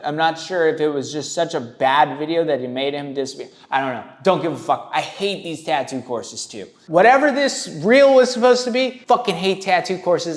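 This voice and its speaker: A man hosting, giving blunt, profane, rambling commentary on tattoos. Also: on the high side. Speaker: tattoo reaction host.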